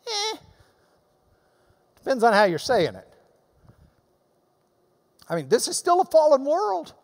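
Bible teacher, male, emphatic and lively in pitch, lecturing in a reverberant hall. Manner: emphatic, animated, swings between loud and soft. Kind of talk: lecture answering questions.

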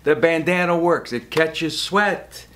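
This man speaks slowly, his pitch fairly high and his tone a bit bright, as he pleads with emotion in a direct-to-camera vlog about his podcast. At moments his voice climbs louder, and the camera mic faces him.

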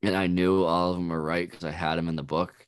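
A man's voice: sits low, fast, smooth, dry recording, clean studio sound. A man co-hosting a podcast, chatting casually and swearing freely as he tells stories. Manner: swears freely, animated storytelling. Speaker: podcast co-host. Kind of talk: casual chat.

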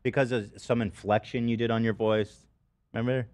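A man's voice: medium pitch, fairly even intonation, brisk, a little mellow. A man hosting a podcast, in casual banter, sarcastically reading listener comments aloud. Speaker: podcast host.

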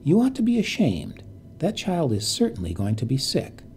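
A bossy, proud young city wife, put on by a man in a higher voice. She talks briskly and with indignation, her pitch leaping about. It is a storybook reading. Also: huge pitch swings, darkish tone, a little hiss or hum. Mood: sharp. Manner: brisk, indignant, self-satisfied.

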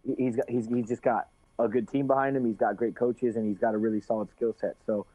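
A man's voice: medium pitch, level tone, quick pace, dark tone, no room sound. A man being interviewed as a fighter, talking in a rambling, casual way with many restarts and easy swearing. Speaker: guest fighter. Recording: tinny phone-like dry sound.

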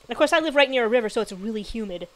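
A woman's voice: on the high side, lively intonation, racing. A woman streamer giving casual gameplay commentary, chatty and grumbling, talking to the game's characters. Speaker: gaming streamer.

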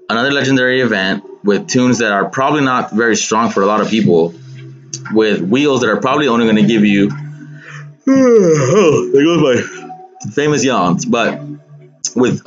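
A man's voice: lowish voice, a bit bright. A man hosting a gaming channel, chatting casually over gameplay with lots of fillers and restarts. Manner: rambling with many fillers and restarts. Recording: dull lo-fi sound with game music.

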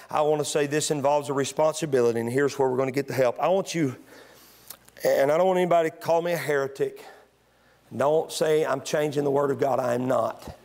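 A man pastor preaching a sermon in church, moving between calm teaching and loud, shouted exhortation. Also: medium pitch. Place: church sanctuary.

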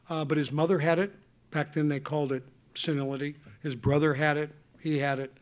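An older man answering an audience question at a conference, telling personal family stories in an earnest, animated way with many restarts. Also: fairly high pitch. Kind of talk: emotional personal storytelling. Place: conference hall.

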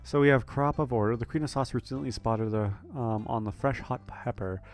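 A man with a mid-range voice talks fairly quickly. As a gaming video creator, he offers easygoing let's play commentary over his own farming game playthrough, rambling along chattily with plenty of fillers.

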